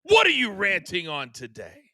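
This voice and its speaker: Male sports talk host, playful and teasing, brightly toned and dry. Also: high-pitched, huge pitch swings, moderate pace, husky, dry recording. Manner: playful, teasing, hands out segments.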